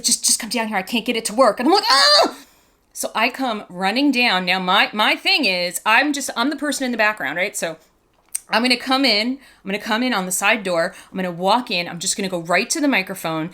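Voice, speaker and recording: Chatty 50-something woman reviewing dolls, bright sharp voice, says "like" a lot. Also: mid-range voice. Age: 50s. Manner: chatty, animated storyteller with many "like" fillers; enthusiastic about the doll. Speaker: doll collector and reviewer. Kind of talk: casual vlog chat and storytelling.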